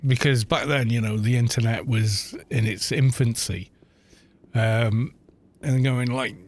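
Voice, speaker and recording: Slow-talking British man streaming a game. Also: mid-range voice, steady tone. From Britain. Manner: rambling, anecdotal, swears casually. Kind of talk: casual chat while gaming.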